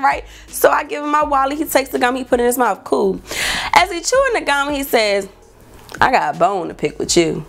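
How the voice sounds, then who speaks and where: A young woman, telling a dating story vlog and acting out quotes in a high voice. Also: expressive, brisk, gravelly, soft background music. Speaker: vlogger.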